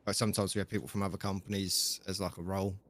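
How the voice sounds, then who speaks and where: A man's voice: low voice, level tone, very fast, fairly bright tone, slight background noise. A man playing a chatty, easygoing shop manager in a game role-play, rambling with lots of fillers. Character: laid-back male shop manager, chatty. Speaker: shop chief operating officer.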